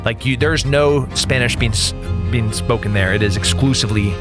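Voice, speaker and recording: A man who is a guest on a podcast, explaining things in an animated storytelling way. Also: medium pitch, moderate pace. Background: music.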